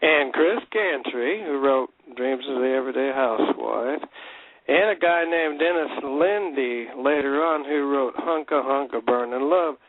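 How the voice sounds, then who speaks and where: A man's voice: medium pitch, unhurried. An older man with a Nashville drawl, a songwriter telling long, folksy stories as a guest on a radio call-in show. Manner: folksy, laughs easily, long rambling anecdotes. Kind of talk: casual radio interview. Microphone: phone call. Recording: tinny phone line.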